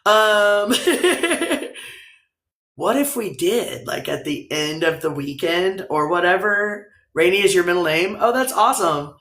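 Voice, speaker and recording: Woman chatting on her live stream, rambly and laughy, kinda gravelly, echoey room. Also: on the low side, animated, slow, a bit bright. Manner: rambling, laughs often, swears casually. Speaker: livestream host. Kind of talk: casual rambling livestream chat. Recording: roomy echo.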